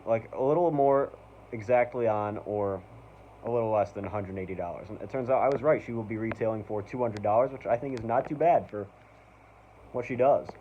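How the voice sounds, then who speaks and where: A man's voice: fairly low pitch, a little fast, a little hiss or hum. A man hosting a casual review vlog, rambling with lots of "like" and "um" as an eager fan. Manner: rambling, full of "like", "um" and "basically"; enthusiastic fan. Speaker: channel host. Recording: dull lo-fi recording.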